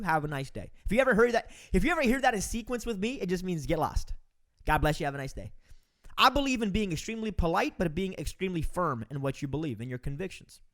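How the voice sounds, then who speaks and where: Guy from romania giving a pumped-up motivational podcast rant, high voice, swings up and down a lot. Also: fairly bright tone. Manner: preachy, emphatic, addresses listeners as folks. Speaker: podcast host. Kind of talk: motivational monologue.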